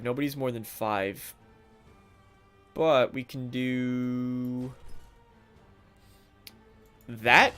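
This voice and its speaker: A man's voice: mid-range voice, fairly bright tone. A man streaming a video game live, commenting casually and talking sarcastically to the characters on screen.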